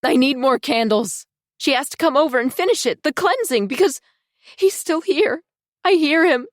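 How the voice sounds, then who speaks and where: A woman narrator voicing a tormented, hysterical young woman with a raspy voice, speaking in a shrill, panicked, pleading way. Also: a little slow, fairly bright tone, no room sound, studio quality. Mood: terrified.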